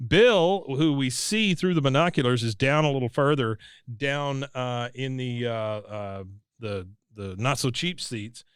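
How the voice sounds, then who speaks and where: A man's voice: mid-range voice, a little slow, clear, resonant tone, no echo, clean studio sound. Podcast man recapping a cartoon episode. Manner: retells scenes, briefly mimicking characters. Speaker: podcast co-host. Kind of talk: casual recap chat.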